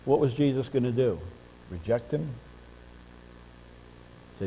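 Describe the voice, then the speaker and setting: Male pastor, mellow tone, impassioned sermon delivery, church hall reverb. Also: mid-range voice, moderate pace, pauses often. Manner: earnest preaching, swelling louder in passionate runs. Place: church sanctuary. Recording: church audio with long reverb and mains hum.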